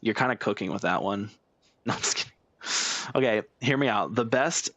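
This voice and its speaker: A man's voice: lowish voice, brisk, fairly bright tone, no echo. A young man streaming a video game, chatting casually, rambling and breaking into giggles. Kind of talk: casual gameplay chat. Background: game music.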